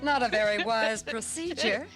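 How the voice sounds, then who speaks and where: A woman's voice: a little high, moderate pace, music in the background, lightly acted. An actress playing a fussy female army major in a 1980s cartoon, speaking in a precise, bureaucratic way. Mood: prim.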